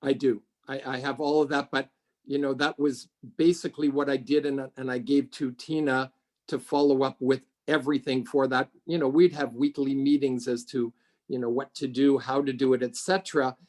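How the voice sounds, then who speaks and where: A middle-aged man from Canada, a realtor being interviewed, telling stories in a conversational way and acting out quoted voices with big jumps in pitch. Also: little pitch movement, moderate pace, a little mellow. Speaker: realtor guest.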